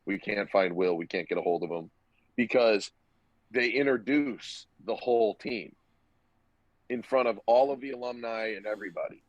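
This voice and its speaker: A young man spins a casual, swearing-laced story as a podcast guest, slipping into the other people's dialogue as he tells it. His pitch sits in an ordinary middle range. The recording is dull and lo-fi, with a dry, close sound. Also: normal speed, no echo. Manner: loose, profane, acts out quoted dialogue.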